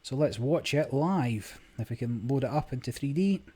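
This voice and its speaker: A man's voice: medium pitch, expressive, moderate pace, dark tone, husky. A man giving casual, rambling commentary on his screen recording, with many fillers. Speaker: gaming vlogger. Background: game music.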